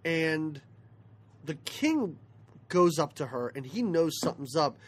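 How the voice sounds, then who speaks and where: Husky, lively podcast co-host. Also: mid-range voice, unhurried. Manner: animated, laughing, playful retelling. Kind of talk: casual movie review chat.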